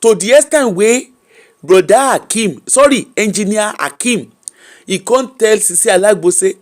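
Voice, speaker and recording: A man with a Nigerian accent hosting a gossip commentary livestream, animated, laughing often and thanking viewers by name. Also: high-pitched, moderate pace. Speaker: host.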